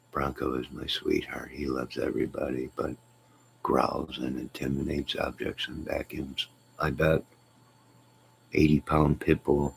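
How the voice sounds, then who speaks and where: A man's voice: very deep voice, steady tone, slow pace, gravelly, long pauses, a little hiss or hum. A man hosting a casual live stream, reading viewer comments and joking with them in a teasing, chuckling way.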